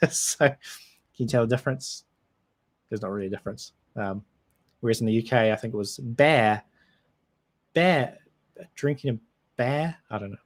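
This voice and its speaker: A man's voice: on the low side, fairly even intonation, brisk, pauses often, breathy edge. A man with a New Zealand accent hosting a casual livestream. He rambles in a friendly way and reads out and answers viewer comments. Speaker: whisky channel host.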